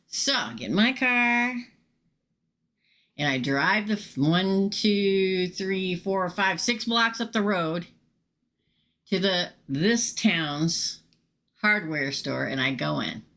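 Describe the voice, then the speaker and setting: A middle-aged woman, telling a casual, animated story to viewers during a live tarot reading stream. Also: fairly low pitch, takes it slowly. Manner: chatty, animated, swears casually and talks straight to viewers. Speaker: tarot reader hosting a live show.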